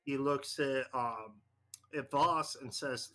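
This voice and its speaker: With a medium-pitched, pushed and bright voice, a male game master hesitantly narrates a tabletop horror game, leaning heavily on fillers.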